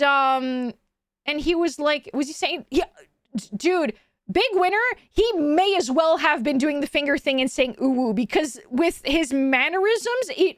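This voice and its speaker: A woman's voice: sits high, dry recording, studio quality. A young woman streamer casually telling a story, rambling with lots of fillers and restarts. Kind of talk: casual chat.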